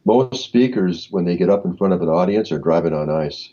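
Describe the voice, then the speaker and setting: A man giving measured, explanatory answers as an interview guest, with frequent fillers. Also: sits low, steady tone, warm tone, highs cut off.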